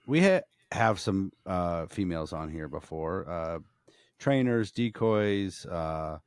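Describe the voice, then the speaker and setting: A man's voice: low-pitched, lively intonation, slow, clear, resonant tone, dry recording, studio quality. A man co-hosting a podcast, talking casually and rambling with frequent fillers. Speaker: podcast co-host.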